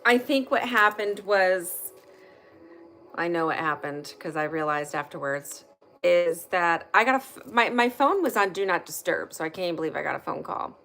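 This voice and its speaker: A woman's voice: fairly low pitch, lively intonation, normal speed, a bit bright, soft background music. A woman hosting a casual live online session from home, chatty and candid, swearing freely when something annoys her. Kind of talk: casual live-stream chat. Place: at home indoors by a fireplace.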